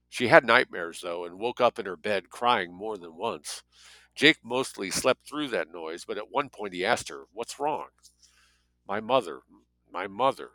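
A man's voice: sits low, bright, forceful tone, no echo, poor audio. A man reading a story aloud as an audiobook narrator, lightly voicing the dialogue.

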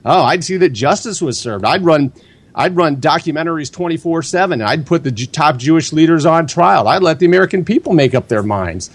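Combative man with a fairly high voice. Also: lively intonation, fairly quick. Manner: combative, dismissive. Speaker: guest. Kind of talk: heated debate.

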